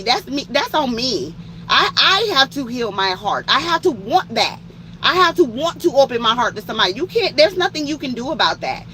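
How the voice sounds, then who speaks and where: A woman telling a story in an animated, profane way, acting out what each person said. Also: high voice, moderate pace, slight background noise. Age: older than 30. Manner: animated, profane, acts out quoted voices. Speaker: truck driver telling a story. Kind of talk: uncensored storytime.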